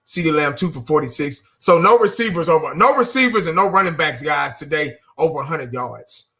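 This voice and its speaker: Man, casual fan rant, bright sharp voice, slightly high. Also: animated, fairly quick. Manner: blunt, exasperated, repeats himself, laughs and curses. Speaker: fan vlogger.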